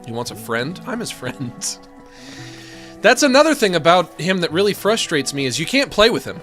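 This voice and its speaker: A man in his thirties streaming a game, talking casually with sardonic, deadpan rants that burst into exasperated complaints. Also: high voice, moderate pace, music in the background. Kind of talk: casual live-stream chat while gaming.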